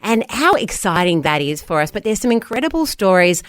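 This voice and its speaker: A woman's voice: mid-range voice, sing-song, a little fast, fairly bright tone, no room sound, clean studio sound. Cheerful woman radio co-host. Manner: cheerful, affirming. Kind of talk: breakfast radio chat.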